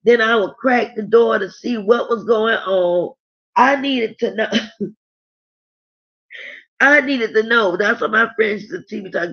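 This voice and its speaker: On a dull, lo-fi recording, a middle-aged woman speaks a little slowly in a voice on the high side. Hosting a casual stream, she chats candidly, reads comments aloud, and rambles, often restarting.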